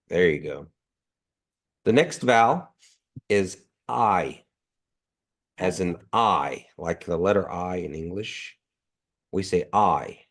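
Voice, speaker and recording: Man, deep voice, nasal from allergies; patient teacher repeating sounds slowly for the class on a video call. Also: lively intonation. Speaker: language teacher. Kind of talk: online language class.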